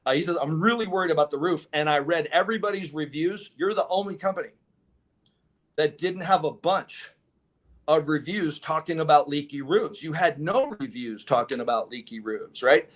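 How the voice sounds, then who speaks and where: A man's voice: a little high, normal speed. A man, a solar company co-owner, telling stories in a casual interview, acting out other people's lines and laughing as he goes. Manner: animated, acts out dialogue with laughs.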